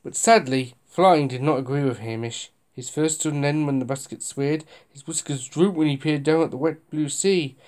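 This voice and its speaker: A reader narrating a children's picture book aloud, slowing down for suspense and adding asides to the listener. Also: medium pitch, a little mellow.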